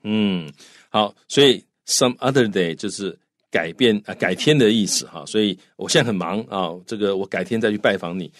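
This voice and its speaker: A man's voice: on the low side, moderate pace. A man co-hosting a language lesson, explaining in a chatty way with lots of filler particles. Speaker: co-host explaining in Mandarin.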